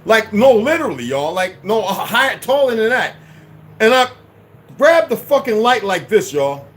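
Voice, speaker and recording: A man casually telling his viewers a story, swearing constantly and calling them y'all in an animated, rambling way. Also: high voice, measured pace. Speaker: vlogger.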